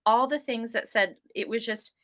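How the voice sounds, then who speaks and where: A woman in her forties tells her health story in a casual interview, her voice slightly high and her pace normal. She rambles in an animated way, acting out what other people said to her.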